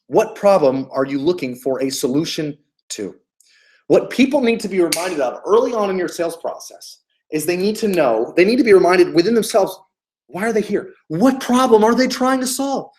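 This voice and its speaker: Animated, hyped-up male sales coach. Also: high voice, brisk, a little hiss or hum. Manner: emphatic and hyped, repeats key phrases, frequent swearing. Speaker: business coach. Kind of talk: motivational sales coaching talk.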